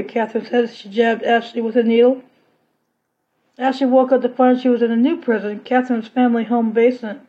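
A woman narrates a serialized story chapter in a plain reading manner, now and then restarting a phrase. Her voice sits a little high. The recording is dull and lo-fi. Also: flat delivery, fairly quick.

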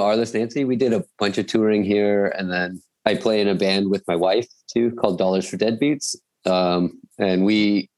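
A man's voice: lowish voice, a little mellow. A man in his thirties, a musician, chatting casually and rambling with lots of fillers and restarts. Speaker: guest musician. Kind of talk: casual chat. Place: home in Bavaria.

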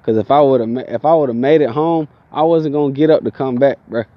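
A tired young man telling a profane, animated story in casual talk, inside a vehicle. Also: medium pitch, fairly quick, dry recording, highs cut off. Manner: profane, animated, mimics people in his stories.

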